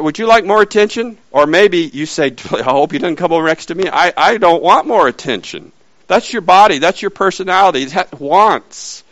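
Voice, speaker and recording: Animated preacher man, dull dry sound. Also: on the high side, dry recording. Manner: animated, shifts from loud to hushed whispers. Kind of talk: sermon.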